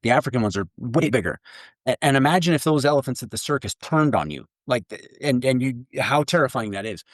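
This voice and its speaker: Lively Canadian-born man telling a story. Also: mid-range voice, quick pace, no room sound, clean studio sound. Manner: lively, laughs through his story. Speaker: guest, keynote speaker. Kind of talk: animated storytelling in conversation.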